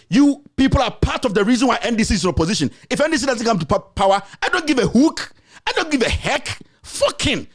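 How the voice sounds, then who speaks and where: A man with a Ghanaian accent hosting his own show, delivering an angry, scolding political rant full of repeated insults. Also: very high voice. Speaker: political commentator and show host.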